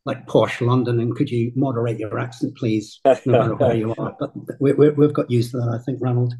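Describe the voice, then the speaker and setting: Northern irish club owner, slightly husky, thoughtful and measured, says right a lot. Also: male voice, medium pitch, fairly even intonation, dark tone, rough recording. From Northern Ireland. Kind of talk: casual interview chat.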